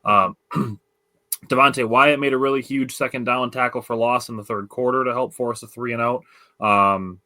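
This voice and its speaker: A man's voice: medium pitch, steady tone, moderate pace, bright, forceful tone, no room sound. A man with a Wisconsin accent hosting a casual sports podcast, talking loosely with lots of fillers. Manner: loose, filler-heavy, enthusiastic. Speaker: podcast host.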